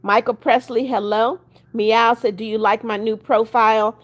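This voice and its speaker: A woman in her seventies hosts a live stream, reading comments out and greeting each viewer by name. Her voice sits a little high for a woman, and she talks in a chatty, blunt way that turns scolding when someone annoys her. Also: little pitch movement, measured pace, fairly bright tone. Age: 70s. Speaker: livestream host. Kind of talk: casual livestream chat reading comments.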